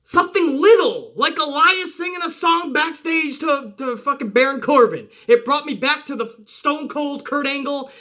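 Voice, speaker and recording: A man reviewing a wrestling show in a casual, excitable recap, often acting out what the people on it said. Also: very high-pitched, normal speed, hardly any pauses. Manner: excitable, acts out quotes from the show.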